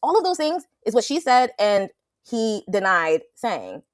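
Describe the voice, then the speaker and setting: A woman's voice: measured pace, dry recording, clean studio sound. A woman co-hosting a casual reality TV recap, talking animatedly and acting out quotes of the cast. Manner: animated, acts out quotes in a high voice. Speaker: co-host.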